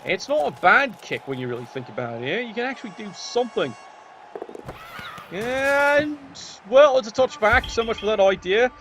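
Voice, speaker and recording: A man's voice: high voice, a little hiss or hum. A man giving wry, sarcastic play-by-play commentary on a video game match.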